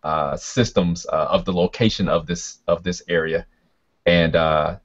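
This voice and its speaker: A man voicing a stern male space knight of an empire, speaking formally and halting with fillers, in a dull lo-fi recording. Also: sits low, fairly even intonation.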